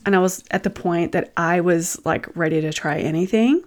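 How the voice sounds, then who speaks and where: Woman host, slightly low voice, candid and reflective storyteller who restarts her thoughts. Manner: thoughtful, unhurried, often pausing and restarting; candid, self-deprecating asides. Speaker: host sharing personal experiences. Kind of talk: reflective personal storytelling monologue.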